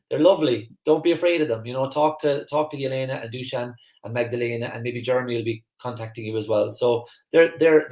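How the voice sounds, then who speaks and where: An energetic Irish man with a Kerry accent, hosting a live stream and talking quickly with plenty of restarts. His voice sits at an ordinary middle pitch. The room around him gives the sound a noticeable echo. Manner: fast, energetic, chatty, many fillers and restarts. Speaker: host of a live online masterclass. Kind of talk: live-stream talk to viewers, reading the chat.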